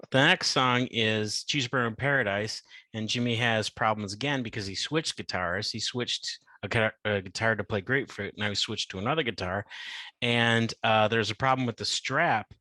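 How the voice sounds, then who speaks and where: Bright-voiced man recapping a concert. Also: lowish voice, moderate pace, dry recording. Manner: chatty, full of fillers. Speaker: podcast host. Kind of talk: casual podcast recap.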